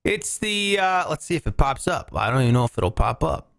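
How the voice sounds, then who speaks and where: A man hosting a morning show with a loud, excitable, rambling delivery. His pitch sits a little high and swings widely from line to line. The sound is dry and close, with no room around it. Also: a little fast, vocal fry, dry recording. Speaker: podcast host. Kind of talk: casual morning show chat.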